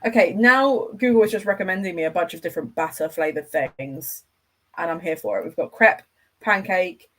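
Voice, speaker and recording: A woman's voice: on the low side, moderate pace, a bit bright. A woman hosting a livestream, chatting casually and enthusiastically with her viewers as she rambles from one thought to the next. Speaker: livestream host.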